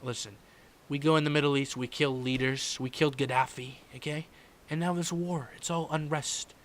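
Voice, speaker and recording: A man doing a comedic impression of a brash older male politician who rambles in circles and lets "folks" and "okay" trail off quietly. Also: on the high side, steady tone, normal speed, close to an everyday voice. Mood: rambling. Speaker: podcast host doing an impression.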